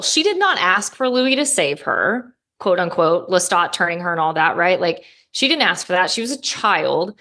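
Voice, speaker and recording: A woman's voice: medium pitch, fairly bright tone. A woman with a mid-range voice talks emphatically about a show's most moving scenes. She co-hosts a casual podcast and mentions her own kids. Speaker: podcast co-host. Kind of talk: casual pop-culture discussion.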